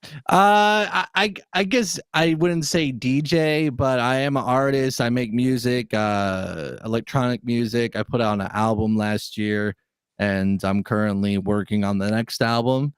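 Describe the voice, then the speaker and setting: A man's voice: mid-range voice, fairly even intonation, unhurried, clear, resonant tone, dry recording. Male co-host, casual and rambling, dry room. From Chicago area. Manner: rambling, many fillers and restarts. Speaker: podcast co-host. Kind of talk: casual interview chat.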